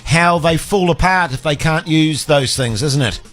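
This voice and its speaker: Kiwi guy on the radio, forties, high voice, chatty and a bit exasperated, faint music under. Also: normal speed, fairly bright tone. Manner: chatty storyteller, exasperated asides. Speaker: radio host. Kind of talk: casual radio banter.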